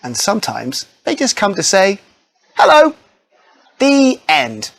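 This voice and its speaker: Male narrator for a kids' read-along, friendly and animated, slightly high voice. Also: unhurried, gravelly. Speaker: storybook narrator. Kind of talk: scripted children's story narration.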